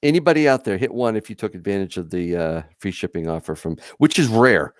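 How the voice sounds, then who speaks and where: A man's voice: fairly low pitch, expressive, brisk, no room sound, clean studio sound. A man co-hosting a casual livestream, chatty and laughing often as he reads comments aloud. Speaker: livestream co-host. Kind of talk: casual live chat.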